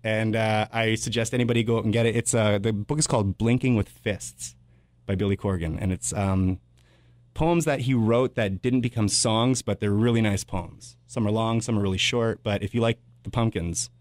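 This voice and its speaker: A low-pitched man in his thirties hosting a radio show, spinning a loose, rambling anecdote between songs. He talks casually and leans on filler words as he goes. The sound is dry and close, with no room around it. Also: steady tone, moderate pace, darkish tone, no echo. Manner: rambling and anecdotal, full of "uh" and "blah, blah". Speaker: radio host. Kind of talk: casual on-air storytelling.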